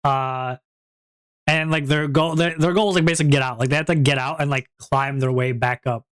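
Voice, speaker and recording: A man's voice: fairly high pitch, fairly even intonation, a little fast, clean tone. A man streamer chatting casually with his viewers, rambling, with many fillers and restarts. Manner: laughs at his own jokes.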